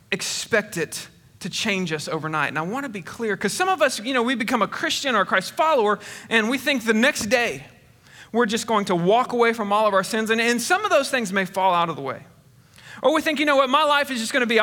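A middle-aged man preaches in a church hall, his voice high and bright for a man and ringing with long reverb. He talks earnestly and conversationally, often restarting his phrases. The sermon has a warm, storytelling feel. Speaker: pastor. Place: church sanctuary.

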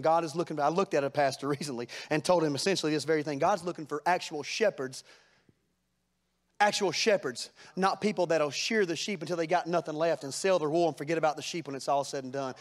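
A man's voice: fairly high pitch, quick pace. A man preaching a sermon, folksy and plain-spoken, building to fervent rhetorical questions. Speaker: pastor.

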